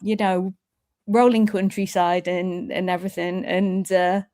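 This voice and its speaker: A woman's voice: fairly low pitch, little pitch movement, unhurried, dark tone, no room sound, studio quality. A woman co-hosting a casual football podcast chat, wry and chatty, laughing easily. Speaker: podcast co-host.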